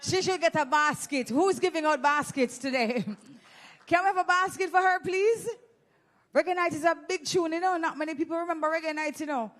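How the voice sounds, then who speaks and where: A Jamaican woman emceeing a live event teases the audience and leads prize games, playful and energetic, into a handheld microphone. Her voice is very high and fairly quick.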